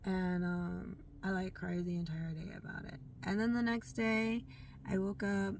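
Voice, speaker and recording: A woman's voice: mid-range voice, steady tone, a little slow, gravelly, a little mellow, recorded from a distance, slight background noise. A woman vlogger telling a personal story in a rambling, candid way, with lots of fillers and restarts.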